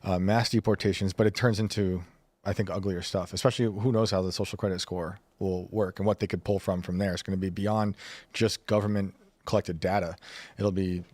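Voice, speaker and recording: Male co-host, low and quick, casual wry delivery, dry studio sound. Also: flat delivery, darkish tone, no echo. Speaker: podcast co-host. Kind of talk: casual panel talk show.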